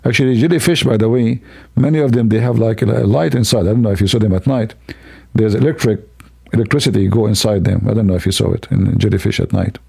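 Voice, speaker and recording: A man's voice: fairly low pitch, fast talker, vocal fry, dark tone, husky. A man hosting a livestream, talking in a sarcastic, rambling, mock-admiring way. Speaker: livestream host. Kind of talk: mocking livestream commentary.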